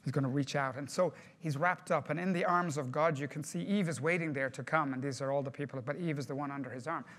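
Fast-talking male workshop trainer. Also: a little high, fairly bright tone. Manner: conversational, questions the audience. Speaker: project management trainer. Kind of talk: workshop presentation to a group.

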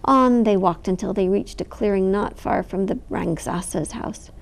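A woman storyteller reading a picture book aloud, expressive and animated, with sound effects. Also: medium pitch, normal speed, creaky.

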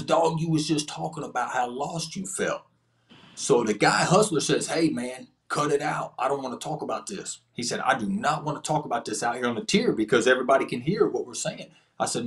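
A man, a podcast guest telling an earnest testimony story in casual, slangy speech. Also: medium pitch. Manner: earnest, slangy prison storytelling with quoted dialogue.

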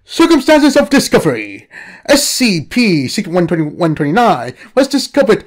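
Lively narrator reading anomaly files. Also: mid-range voice, moderate pace. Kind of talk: comedic scripted narration of an anomaly file.

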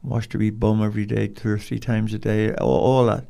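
A man's voice: fairly low pitch, flat delivery, a little fast, gravelly, mellow. An older man, a podcast guest telling rambling, colloquial stories in a casual interview. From Cork, Ireland.

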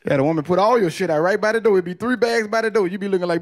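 Male stand-up comedian, high voice, profane storytelling, roaring crowd laughter. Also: steady tone, racing, few pauses. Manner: profane, loose storytelling with bits of character voices. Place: comedy club stage with audience. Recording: loud crowd laughter behind.

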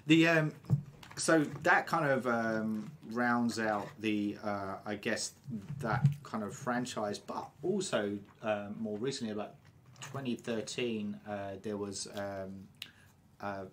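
A man's voice: lowish voice, fairly even intonation, slow, a bit bright, a little hiss or hum. An English man hosting a casual podcast chat, rambling with lots of fillers. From England. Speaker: podcast host.

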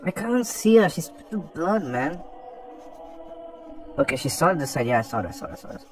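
A man commentating a horror game as he plays, excitable and taunting the monster, with some swearing. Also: fairly high pitch, brisk, faint music behind. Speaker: gaming commentator. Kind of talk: let's play commentary.

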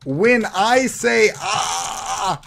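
A man's voice: high-pitched, very slow, gravelly, fairly bright tone, soft background music. A man streaming a cartoon game, reading other players' chat aloud and answering it with mocking sarcasm. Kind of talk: live gameplay commentary.

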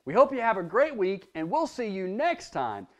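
A man leading children's church, preaching a lively lesson straight to the kids and praying aloud. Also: high-pitched, moderate pace. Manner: lively storytelling, addressing children directly; prays aloud. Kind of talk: children's sermon.

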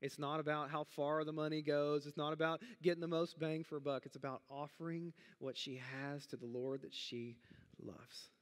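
A middle-aged man preaches from the pulpit in a conversational, animated manner, his voice sitting a little high for a man. He swings his pitch up and down as he makes his points. The sound carries a long hall reverb from the church sanctuary. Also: moderate pace, clear, resonant tone. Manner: conversational, animated storytelling with big pitch jumps. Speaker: pastor. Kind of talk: sermon.

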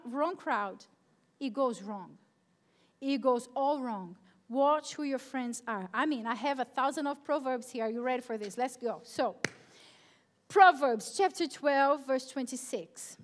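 A young woman youth pastor preaching a live sermon at a church service, emphatic and repeating her key phrases. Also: sits high.

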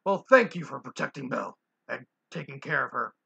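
A reader voicing a huge beast who roars his lines slowly but turns gentle when calm. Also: vocal fry, husky, muffled recording, full character voice. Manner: booming, slow roars.

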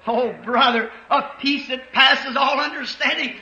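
A man preaching a fervent sermon, telling stories and rising to shouts. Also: very high voice, unhurried. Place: church. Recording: roomy dull 1950s church recording.

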